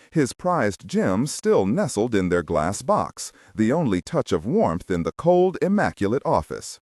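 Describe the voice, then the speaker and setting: A male audiobook narrator with a lowish voice who swings his pitch widely as he reads a thriller. The recording is close and dry, with no room sound. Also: darkish tone, no room sound. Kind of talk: scripted narration.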